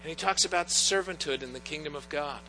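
A man's voice: fairly high pitch, fast, pushed and bright. A middle-aged man preaching a sermon as a pastor, in an earnest storytelling way that draws on personal anecdotes. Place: church sanctuary. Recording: long church reverb, faint mains hum.

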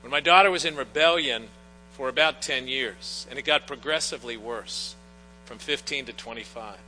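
Here the middle-aged preacher uses a medium-pitched, sharp-toned voice at a moderate pace. His sermon tells personal stories in an earnest way, and the church sanctuary gives long reverb along with a faint mains hum.

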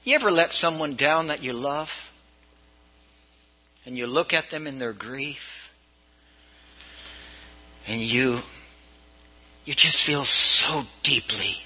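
An older man from California preaching a sermon as a bishop, telling stories and swinging his pitch up and down for emphasis. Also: slightly rough, dull audio. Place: church.

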